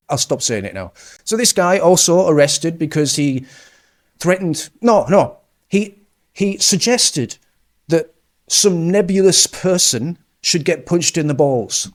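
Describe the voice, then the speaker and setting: A man delivers ranting commentary, his tone sarcastic and mocking. His voice sits a little higher than most men's. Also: expressive, measured pace. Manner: sarcastic, mocking, with scornful laughs. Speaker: political commentator. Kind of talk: ranting commentary over clips.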